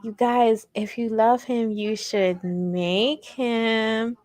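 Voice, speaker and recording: A woman's voice: on the high side, steady tone, extremely slow, a little mellow, no echo. A woman hosting a casual livestream crochet tutorial, chatty and rambling, talking directly to her viewers.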